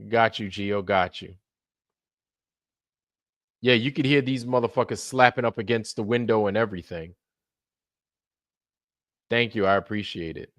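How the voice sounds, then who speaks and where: A man's voice: mid-range voice, fairly bright tone, smooth, no room sound. A man hosting a casual livestream, chatting loosely with viewers, swearing often and now and then slipping into mocking impressions. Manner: profane, laid-back, drifts into mocking impressions. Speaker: livestream host.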